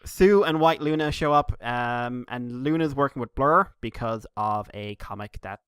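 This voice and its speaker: A man's voice: mid-range voice, unhurried, a bit bright, clean tone, dry recording, studio quality. A man co-hosting a casual podcast, recapping comics in a rambling, laughing way. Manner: rambling, laughing, with jokey quoted voices. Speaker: podcast co-host.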